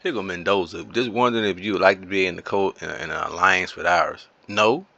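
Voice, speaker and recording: A man's voice: deep voice, fairly quick, creaky, sharp tone, no room sound, highs cut off. A man giving casual gameplay commentary as a YouTuber, playful and silly while trash-talking other players. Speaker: gaming YouTuber.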